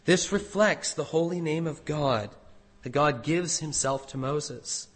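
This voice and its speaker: A man preaching a sermon, emphatic, swinging between loud declarations and quiet, careful explanation. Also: fairly high pitch, measured pace, slightly rough. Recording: long reverb of a large hall.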